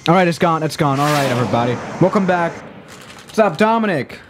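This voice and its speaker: A man's voice: on the high side, expressive, fairly quick, background noise. Laid-back rambling male streamer. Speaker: flight sim streamer. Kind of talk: casual live-stream chat.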